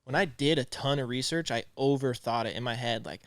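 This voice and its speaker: Quick, rambling male co-host, dry close-mic sound. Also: mid-range voice, no echo. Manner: rambling, filler-heavy, with frequent "like". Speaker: podcast co-host. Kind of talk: casual chat about sales.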